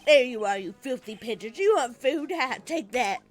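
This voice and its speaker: A woman's voice: fairly high pitch, sing-song, moderate pace, soft background music. A woman voicing a grumpy, rude old man in a video game, barking insults and complaints. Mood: gloating.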